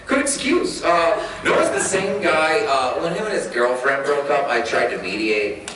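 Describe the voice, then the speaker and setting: Man, thirties, comic storyteller, lively pitch, laughing, swearing, very echoey hall, distant mic. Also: a little slow, background noise. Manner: animated, laughs often, swears freely. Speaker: convention panelist telling stories. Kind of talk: casual comedic storytelling. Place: convention panel room. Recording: echoey room from far off.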